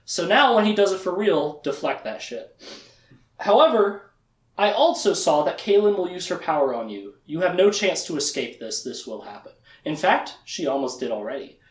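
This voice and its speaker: Storyteller doing a curt witch lady who sees the future, pitch all over the place, echoey room. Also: big pitch swings, normal speed, lightly acted. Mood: blunt. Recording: roomy echo.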